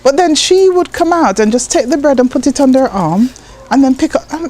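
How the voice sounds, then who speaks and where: A woman from Jamaica, a poet, telling personal stories in an interview with an animated manner, acting out voices and laughing often. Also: sits high, fairly quick, slight background noise. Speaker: guest, poet and writer.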